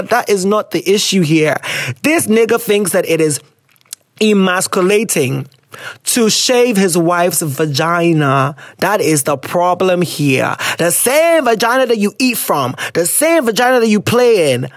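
A Ghanaian woman hosting an advice podcast, reading listener letters and reacting with sarcastic, profane, animated chat. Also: on the low side, normal speed, no echo, studio quality. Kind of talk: casual chat.

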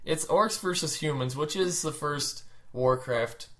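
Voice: medium pitch, measured pace, a bit bright. A podcast co-host in casual chat, blunt and sarcastic.

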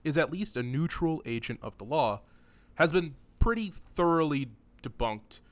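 A man's voice: on the high side, animated, moderate pace. A man hosting a casual podcast, rambling and joking, often laughing between points. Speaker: podcast host.

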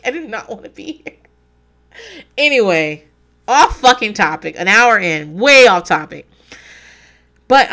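A woman's voice: medium pitch, fairly bright tone. A woman in her forties hosting a casual recap podcast, who talks in a digressive, profane way and laughs at herself. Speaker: podcast host recapping a reality show. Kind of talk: casual chat.

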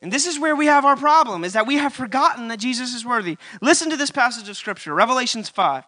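A man preaching in church, his voice high and bright, repeating key lines and climbing to loud, emphatic peaks. A faint mains hum sits under the recording. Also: expressive, fast. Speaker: pastor. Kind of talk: sermon.

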